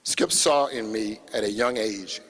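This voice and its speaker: A man's voice: lowish voice, a little slow, fairly bright tone, breathy edge, in a large hall. A man from Louisiana, an athletic director, giving a prepared, earnest tribute to his late mentor at a memorial service.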